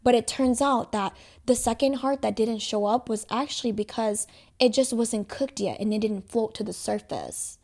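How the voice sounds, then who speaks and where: A woman's voice: on the high side, normal speed, darkish tone. A young woman co-hosting a podcast, telling a story in casual chat and filling it with "like" and "you know". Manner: rambling, heavy use of "like" and "you know". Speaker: podcast co-host.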